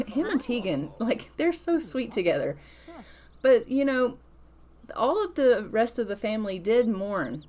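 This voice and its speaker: A woman's voice: a little high, sing-song, a little slow, a little mellow. Chatty woman narrating a life-sim game. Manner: chatty, retells scenes with "she's like". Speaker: gaming creator. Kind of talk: casual let's-play narration.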